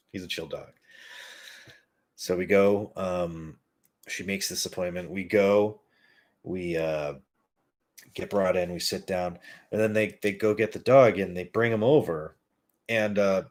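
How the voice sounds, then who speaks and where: A man hosting a talk show tells loose, rambling comic stories with casual swearing and self-mockery. His voice is deep and low. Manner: rambling, profane, self-mocking. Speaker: podcast host. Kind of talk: casual comedic storytelling.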